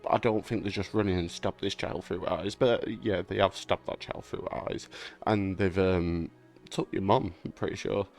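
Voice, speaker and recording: A man's voice: low-pitched, steady tone, moderate pace, a little mellow, soft background music. A young man in a casual, rambling gaming chat, swearing freely and laughing often. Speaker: gaming vlogger.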